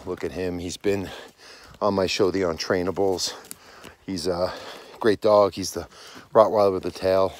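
A man in his forties talks on a podcast as he walks his dog outdoors at altitude, out of breath as he goes. His voice sits a little low, and he rambles and corrects himself in a loose, conversational way. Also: darkish tone. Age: 40s. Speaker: dog trainer and podcast host. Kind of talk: casual monologue while walking outdoors. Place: outdoors on a snowy mountain property at dusk.

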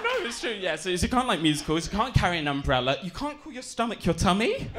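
A man's voice: high voice, sing-song, fast talker. A young man with an English accent doing a camp, self-deprecating stand-up set, giggling between jokes. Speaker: stand-up comedian. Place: comedy club stage. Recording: live club audio with audience noise. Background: audience laughter.

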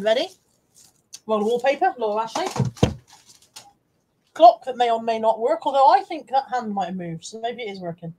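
A woman's voice: on the high side, darkish tone. A woman hosting a casual live stream, chatting to her viewers and reading out their comments, self-deprecating and swearing now and then.

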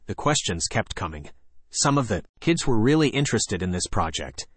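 A man's voice: on the low side, big pitch swings, normal speed, a bit bright, slightly rough, dry recording. A man narrating a children's chapter book in first person with playful storytelling. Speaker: audiobook narrator.

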